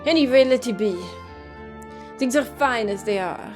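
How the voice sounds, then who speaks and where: A woman's voice: fairly high pitch, normal speed, music in the background, close to an everyday voice. A woman voicing a haughty, formal male pigeon prince in a visual novel game, with stiff diction.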